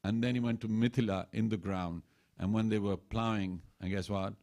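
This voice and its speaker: A man's voice: fairly low pitch, steady tone, moderate pace, a little mellow. A man giving a sermon at a temple, telling scripture stories and acting out the characters' lines. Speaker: temple speaker. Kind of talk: storytelling sermon. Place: temple hall.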